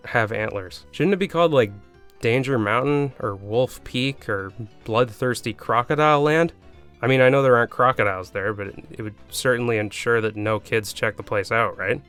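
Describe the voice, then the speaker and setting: A man hosting a comedic movie review, narrating with sarcastic remarks and deadpan asides. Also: mid-range voice, clean tone. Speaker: comedy video host. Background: faint music.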